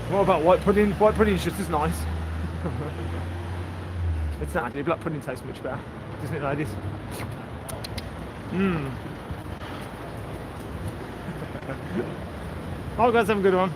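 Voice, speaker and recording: A man's voice: on the high side, lively intonation, takes it slowly, pauses often. Chatty man livestreaming on a street. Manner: chatty, jokey, greets passersby warmly. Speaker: livestream host. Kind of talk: casual walking livestream chat. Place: outdoors on a coastal town street. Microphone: handheld phone while walking. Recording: outdoor street noise. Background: street ambience and passing vehicles.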